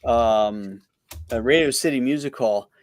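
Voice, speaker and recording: A man in relaxed casual chat, telling an anecdote in an easygoing way. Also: mid-range voice, a little slow. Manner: laid-back, short agreeing interjections. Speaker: comic artist and livestream guest. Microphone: video call.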